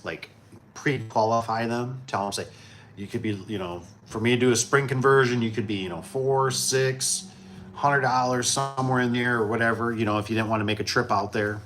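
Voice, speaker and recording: A man from Michigan hosting a casual livestream, talking in a relaxed, rambling way and chuckling often. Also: mid-range voice, a little fast, soft background music. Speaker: livestream host.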